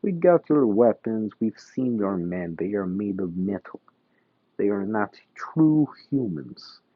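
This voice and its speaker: A man's voice: lowish voice, sing-song, slow pace, no room sound, heavily acted. A man voicing a male gang boss in a put-on Russian accent, sometimes boastful, then pleading and jittery. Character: male yakuza gang boss, nervous and groveling. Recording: dull, dry recording.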